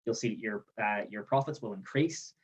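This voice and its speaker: A man leads a workplace training webinar in a clear, explanatory way. He breaks ideas into short lists and keeps asking "okay?" to bring the listener along. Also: on the low side, fairly quick, low-quality recording. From Northern Ireland. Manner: explanatory, repeats "okay?" as a check-in. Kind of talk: webinar presentation. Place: outdoors in the sun.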